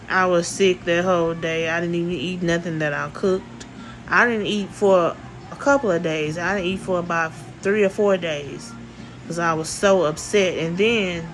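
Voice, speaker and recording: A woman's voice: fairly low pitch, fairly bright tone, rough recording. A woman vlogger telling a story in casual speech, blunt and full of swearing, repeating herself for emphasis.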